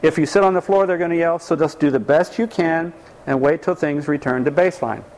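Man, class lecturer, emphatic and animated, voice on the high side. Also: fairly quick, rough recording. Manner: animated, emphatic teaching with rhetorical questions. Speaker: relationship class teacher.

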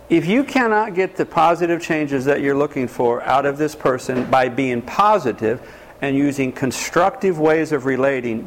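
A man's voice: medium pitch, slight background noise. A man speaking as a counselor, lecturing an audience, acting out quoted voices and putting questions to the listeners. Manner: animated, acts out quoted voices, quizzes the audience.

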